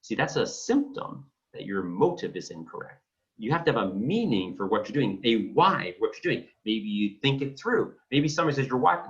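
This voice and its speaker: A man's voice: medium pitch, very animated, normal speed. Emphatic blunt male coach, lo-fi. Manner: emphatic and blunt, acts out phone calls. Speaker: real estate coach. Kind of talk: coaching talk to realtors. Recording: dull lo-fi sound.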